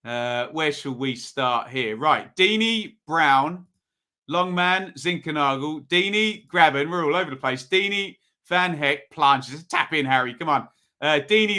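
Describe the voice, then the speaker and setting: A man's voice: fairly high pitch, lively intonation, a little slow, sharp tone. A man hosting a live football review show, chatting casually and reading out viewer votes. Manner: chatty, reads out viewer comments, pleading. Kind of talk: casual live-stream commentary.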